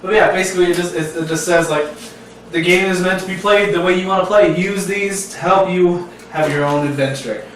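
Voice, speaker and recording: A man's voice: sits high, fairly quick. Chatty man in an echoey room. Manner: chatty, laughs often, stumbles over restarts. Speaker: player. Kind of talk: casual tabletop game chat. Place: home room, filmed on camera. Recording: echoey room from a distant mic.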